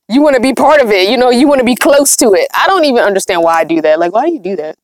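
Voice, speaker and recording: A woman's voice: a little high, animated, rapid-fire, few pauses, no room sound. Chatty woman on a dry livestream. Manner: chatty, laughs often, reads comments aloud. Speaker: van-dwelling vlogger reading live chat. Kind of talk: casual livestream chat. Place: inside her van.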